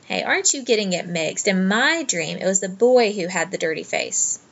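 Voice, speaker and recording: A woman's voice: medium pitch, lively intonation, moderate pace, vocal fry, highs cut off. A woman reading as a sensible young girl. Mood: earnest. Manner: soft and dreamy, then practical.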